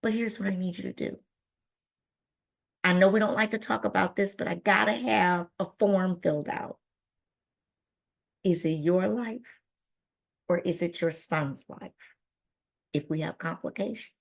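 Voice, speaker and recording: A woman voicing a brisk, caring hospital nurse who speaks quickly and firmly in a hushed tone, with a gravelly edge. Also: lowish voice. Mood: urgent firm.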